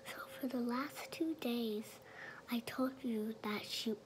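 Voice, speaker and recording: A woman vlogger talking in a whisper, halting and restarting her sentences often. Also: on the high side, slight background noise, rough recording. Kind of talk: whispered vlog.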